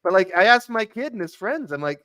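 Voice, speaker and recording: Chatty higher-voiced man, rambling. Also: very animated, brisk, fairly bright tone, no room sound. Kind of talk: casual podcast chat.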